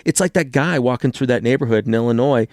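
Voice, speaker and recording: A man's voice: mid-range voice, quick pace, darkish tone, no room sound, clean studio sound. A man in his forties, a co-host in casual chat, talking bluntly and swearing freely.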